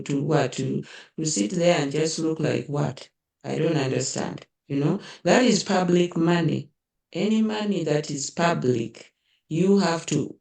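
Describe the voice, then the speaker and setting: A woman's voice: deep voice, a little mellow, roomy sound, recorded from a distance. A woman with a Ugandan accent giving impassioned political commentary, indignant and rhetorical, often adding "eh?" and "hmm?".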